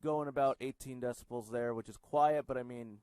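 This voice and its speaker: A man's voice: medium pitch, fairly even intonation, fairly quick, darkish tone, smooth, no echo. A man calling out mic levels and giving instructions during a studio sound check. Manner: reporting levels, matter-of-fact. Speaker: sound technician. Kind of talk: casual technical talk.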